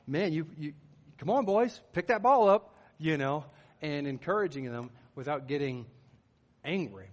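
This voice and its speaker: A man's voice: medium pitch, big-room sound. A middle-aged man, a pastor, preaching a sermon in an earnest, conversational way, with rising emphatic bursts.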